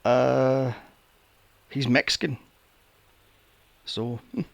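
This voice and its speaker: A man's voice: drawn-out words, creaky, no room sound. A man co-hosting a movie podcast, chatting casually and sarcastically about a film. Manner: animated, sarcastic, mocks characters in high silly voices. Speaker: podcast co-host. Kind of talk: casual movie review chat.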